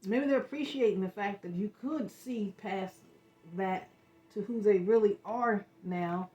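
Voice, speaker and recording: A woman giving an emotional tarot reading, talking in halting, searching bursts with repeated words. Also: mid-range voice, mellow, lo-fi sound. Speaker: tarot reader. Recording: echoey room.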